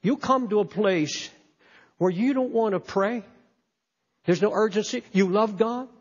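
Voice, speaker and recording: Preacher, male, very high voice, fervent sermon delivery, dull lo-fi hall recording. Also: measured pace, slightly rough. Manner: impassioned, emphatic, repeats words. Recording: echoey hall, dull lo-fi sound.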